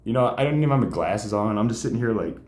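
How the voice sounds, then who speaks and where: A man's voice: on the low side, quick pace, noisy background. A man who does stand-up comedy, telling stories in a casual, rambling way with many fillers. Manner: animated, rambling, frequent fillers. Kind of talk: casual storytelling chat. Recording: roomy echo.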